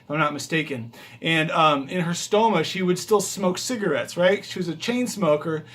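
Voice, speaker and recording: A high-voiced man talks straight to his handheld phone camera as he walks through his house. His delivery is emphatic and motivational, full of asides and rhetorical questions. It sounds like a driver chatting casually to fellow drivers. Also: moderate pace, a bit bright. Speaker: rideshare driver and vlogger. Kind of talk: casual vlog talk to camera. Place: his house, walking from hallway to bedroom.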